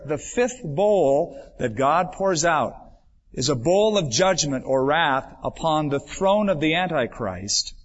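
A man preaching from the pulpit, his voice swelling with emphasis and then falling away to a hush. It sits a little higher than most men's voices. The old recording sounds dull and muffled, like a church tape from the nineties. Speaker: pastor. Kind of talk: sermon.

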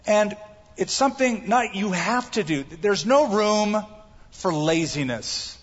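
A male pastor preaching a sermon to his congregation, hammering home his points by repeating them. His voice sits a little high and sounds husky. The recording is dull and carries the long echo of a church hall. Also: animated, takes it slowly. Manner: emphatic, repeats key phrases. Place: church sanctuary.

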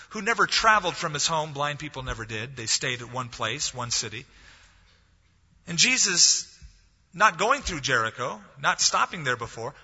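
A man's voice: fairly high pitch, bright, forceful tone, breathy edge. A man preaching a sermon as pastor, telling a story and acting out the voices of the people in it. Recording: dull lo-fi audio, long hall reverb.

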